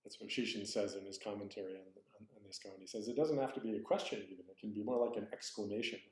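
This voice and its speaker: A man's voice: lowish voice, fairly even intonation, fast. A man giving a dharma talk as a Zen teacher, reflective and searching, often correcting himself aloud. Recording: roomy echo.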